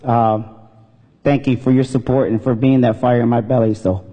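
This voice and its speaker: A comedian giving an earnest, emotional storytelling speech on a stage. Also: male voice, mid-range voice, steady tone, normal speed, lo-fi sound. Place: stage in a hall. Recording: long reverb in a hall.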